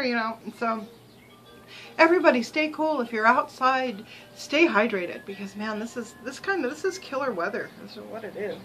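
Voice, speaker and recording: A woman's voice: fairly high pitch, normal speed, fairly bright tone, faint music behind, rough recording. An older woman vlogging in a rambling, chatty way, with many ums and restarts, sometimes talking while she chews. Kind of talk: casual chat to camera.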